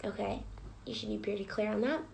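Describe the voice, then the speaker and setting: A woman's voice: medium pitch, fairly quick, creaky, darkish tone, slight background noise, low-quality recording. A woman coach leading a live guided reflection session, prompting listeners with repeated questions. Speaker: emotional wellness coach.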